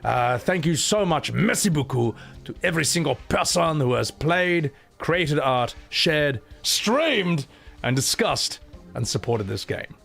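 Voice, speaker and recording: An animated man talks to his chat in a loose live-stream ramble. His pitch swings widely from low mutters to high yelps, and he swears often. Faint music plays behind him. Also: a little slow, gravelly.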